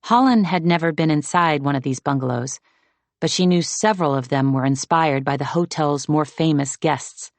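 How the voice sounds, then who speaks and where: A low-voiced woman reads an audiobook from a script, keeping her storytelling measured and even on a dry recording.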